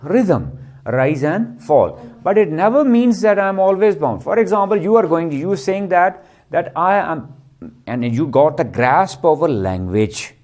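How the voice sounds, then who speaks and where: A man's voice: on the high side, big pitch swings, a little slow, darkish tone. A man giving a literature lecture, constantly asking the class rhetorical questions. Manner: keeps quizzing with rhetorical questions, tags "ji".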